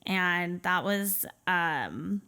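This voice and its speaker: A woman's voice: on the low side, animated, drawn-out words, bright, forceful tone, smooth. A woman from the Portland area, speaking as a podcast guest and telling her life story candidly, with many fillers and short nervous laughs. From Portland area, Oregon, USA. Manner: conversational, many fillers like "you know" and "um", light nervous laughs. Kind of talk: candid personal storytelling in an interview.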